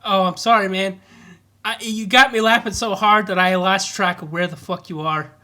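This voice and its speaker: A woman's voice: medium pitch, fairly even intonation, normal speed, pushed and bright. A woman reacting to a story reading in casual chat, swearing and laughing a lot. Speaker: author listening and reacting.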